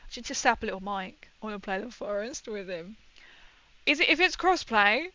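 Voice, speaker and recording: A woman's voice: medium pitch, lively intonation, fairly quick, pushed and bright, lo-fi sound. A young woman chatting casually and rambling through a story while she paints on a livestream.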